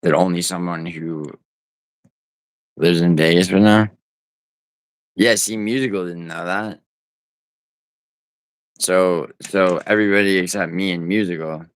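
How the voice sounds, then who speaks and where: A man with a very low, smooth voice talks loosely to his livestream chat, teasing viewers and swearing as he rambles. He is at home and sounds dry and close, with no room around him. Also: fairly bright tone, no room sound. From United States. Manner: rambling, teasing, profane banter.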